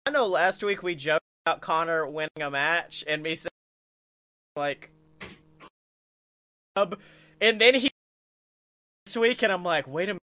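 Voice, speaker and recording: A man hosting a casual wrestling podcast, excitable and quick to laugh, who slips into goofy put-on voices. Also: fairly high pitch, dry recording.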